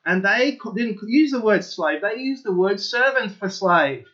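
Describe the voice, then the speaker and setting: A man hosting his own channel, giving an opinionated solo monologue to his viewers in an excitable, insistent way that keeps circling back to the same points. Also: high-pitched, a little slow, lo-fi sound. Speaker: channel host.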